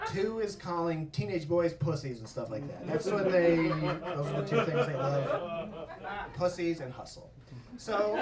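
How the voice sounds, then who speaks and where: Profane, animated male stand-up comedian. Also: high-pitched, distant mic. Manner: profane, animated, breaks into laughter. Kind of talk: stand-up storytelling. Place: comedy club stage. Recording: echoey club miked from afar. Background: audience laughter.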